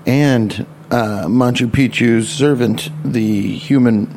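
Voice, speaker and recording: A male comedian rambles through a casual vlog, joking and swearing as he goes. His pitch is ordinary and his speech loose and chatty, full of sidetracks and restarts. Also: slow, a little mellow, slight background noise.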